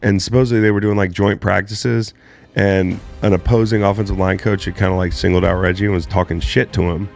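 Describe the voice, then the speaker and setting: A man's voice: low voice, little pitch movement, a little fast, vocal fry. A man in casual podcast chat, telling a story loosely with swearing. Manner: loose, profane, laughing through the story.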